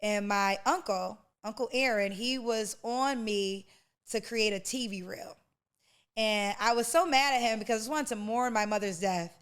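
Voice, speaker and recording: Smooth-voiced woman giving heartfelt testimony. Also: mid-range voice, moderate pace, fairly bright tone. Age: 40s. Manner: emotional, preacherly, addresses listener as honey and baby. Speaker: podcast host. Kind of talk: personal testimony.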